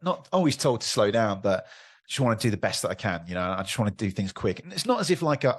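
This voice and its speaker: A man's voice: lowish voice, slightly rough. A man, hosting a podcast, talking earnestly and reflectively about himself in casual chat. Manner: earnest, self-reflective, trails off and restarts. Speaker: podcast host.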